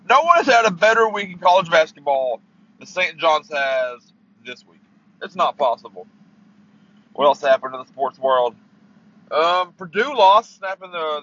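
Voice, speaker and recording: Recorded with the highs cut off, a man's slightly high, fairly bright voice carries an angry sports rant on his own podcast. He is in a parked car, swearing heavily, stammering and heated.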